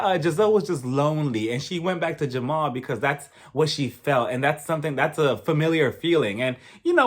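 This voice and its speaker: A man with a fairly high voice gossips his way through a reality show recap. He talks in a casual, opinionated way, animated and quick to laugh.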